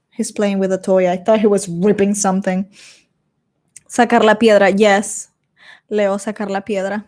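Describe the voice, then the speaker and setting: Slow-talking chatty woman. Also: mid-range voice, little pitch movement, a little mellow. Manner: chatty, laughs often, reads comments aloud. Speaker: streamer reading live chat. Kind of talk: casual live-stream chat.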